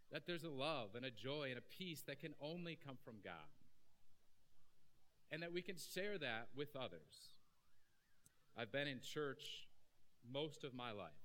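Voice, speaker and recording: A man's voice: medium pitch, sharp tone, rough recording. A man preaching a sermon as pastor, talking directly and conversationally to his congregation.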